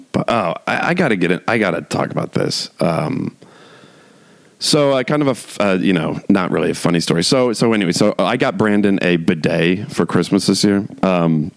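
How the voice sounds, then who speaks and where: Podcast host type: deep, gravelly male voice, dry close sound, loose and rambling with wry asides. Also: dry recording. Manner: rambling, heavy use of "like", frequent restarts. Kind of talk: casual monologue chat.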